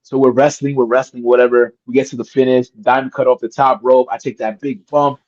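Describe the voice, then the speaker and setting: Male interview guest, lively storyteller, mid-range voice, dry lo-fi call audio. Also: mid-range voice, fairly quick, dry recording. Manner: animated, acts out voices in his stories. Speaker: guest wrestler.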